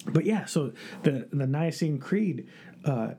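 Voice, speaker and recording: A man's voice: a little high, lively intonation, slow, warm tone, a little hiss or hum. A man in his thirties co-hosting a casual Catholic chat show, laughing often and tripping over words. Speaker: co-host of a Catholic live show.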